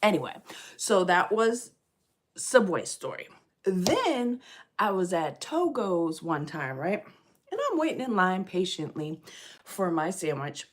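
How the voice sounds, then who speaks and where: A middle-aged woman chatting on a livestream, telling stories in a lively, fired-up way and greeting viewers by name. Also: fairly low pitch, takes it slowly. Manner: animated storyteller, gets loud and fired up. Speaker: livestream host. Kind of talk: casual livestream chat.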